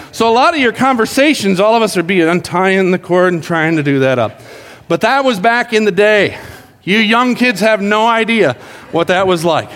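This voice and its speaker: A middle-aged man preaching a sermon to his church, an animated storyteller who jokes and acts out what people say. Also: sits high. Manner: animated, joking storyteller acting out quotes. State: out of breath. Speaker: pastor. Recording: long hall reverb.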